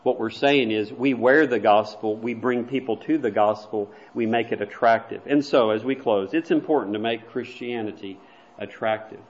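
In a church sanctuary, a man delivers a sermon to his congregation, recounting a story with sincere conviction and occasionally dropping into quiet asides. His pitch is ordinary and middling, his pace moderate, and the recording sounds dull and roomy.

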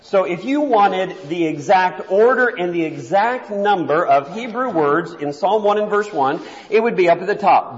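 A man's voice: sits high, lively intonation. Man teaching a Bible class in a hall. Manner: conversational, repeats words, reads verses slowly. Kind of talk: church class lecture. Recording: dull sound, long reverb in a hall.

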